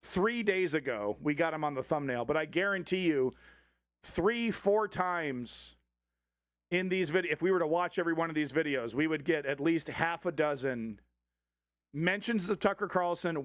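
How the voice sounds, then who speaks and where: A man's voice: on the high side, expressive, normal speed, fairly bright tone, no room sound, clean studio sound. A man hosting a live commentary stream, ranting sarcastically and swearing often. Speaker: host.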